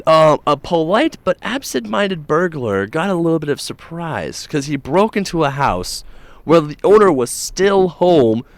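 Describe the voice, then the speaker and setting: Brief: male morning show host, higher-pitched voice, rambling and jokey, dry close mic. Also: very animated, a little slow, no room sound. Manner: rambling, jokey storytelling with many fillers. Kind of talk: casual radio-style chat.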